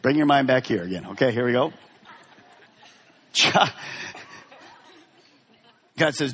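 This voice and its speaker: A man preaching a sermon as pastor in a large church hall, dramatic, swinging from soft to loud. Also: on the high side, very animated, unhurried, pauses often, breathy edge. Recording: long reverb of a large hall.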